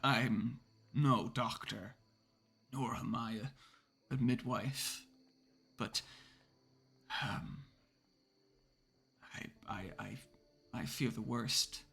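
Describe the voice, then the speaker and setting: Guy doing a jittery seaman, stumbling over words, slow and gravelly. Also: mid-range voice, a bit bright, full character voice. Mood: nervous. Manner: hesitant, stammering. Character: nervous, gruff middle-aged male sailor.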